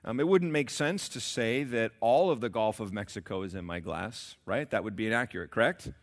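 A man preaching a sermon, asking his congregation questions and swinging between loud emphatic peaks and quiet low passages. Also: brisk. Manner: asks the congregation rhetorical questions. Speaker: pastor.

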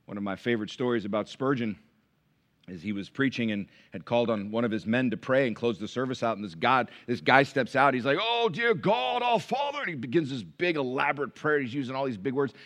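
A man preaching a sermon as pastor, animated, firing rhetorical questions and dropping to quiet asides. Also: mid-range voice, fast.

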